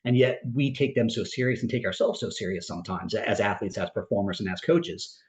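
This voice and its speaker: A man's voice: on the low side, expressive, a little fast, echoey room, rough recording. Reflective man telling a coaching story. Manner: reflective, storytelling, frequent fillers and restarts. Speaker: mental performance coach. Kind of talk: podcast discussion, long explanation.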